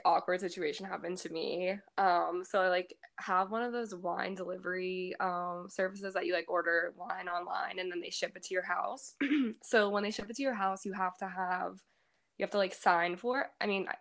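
A young woman with a Pittsburgh accent tells stories in a loose, chatty way, packed with fillers. Her voice sits a little low and has a gravelly fry to it. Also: fairly bright tone. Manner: chatty storyteller, many fillers, frequent laughs. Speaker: podcast co-host. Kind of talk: casual chat.

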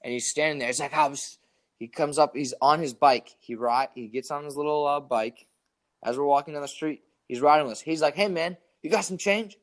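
A young man telling a story in casual chat, animated and profane, full of "dude" and "like". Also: fairly high pitch, a little fast.

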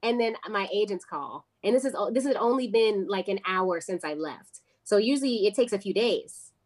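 An American actress talks through her career as a guest in a relaxed interview. Her voice sits at a middle pitch for a woman. She keeps slipping into the voices of the people she quotes. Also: moderate pace, husky. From United States. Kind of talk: casual interview storytelling.

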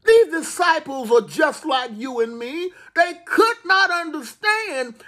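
A man preaching a sermon in an impassioned way, with slow, deliberate, repeated phrases that build to cries. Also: very high voice, animated, pushed and bright.

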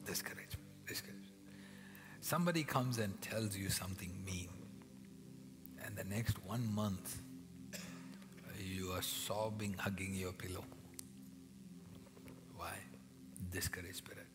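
A man's voice: low voice, takes it slowly, long pauses. Male pastor, dramatic sermon delivery, whispers and bursts, long church reverb with music bed. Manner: dramatic, swings between loud acted quotes and hushed whispers.

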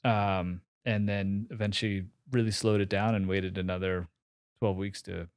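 Low and flat, a man's voice comes through at a moderate pace in a dry, clean studio recording. He's in his forties, a podcast guest telling a story frankly, swearing freely, laughing at himself and stumbling through fillers and restarts.

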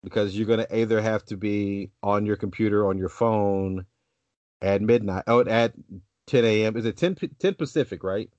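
Low-voiced man rambling through a story. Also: moderate pace, a little mellow, no room sound. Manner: rambling storyteller with many restarts. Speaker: podcast co-host. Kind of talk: casual podcast chat. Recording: dull lo-fi dry sound.

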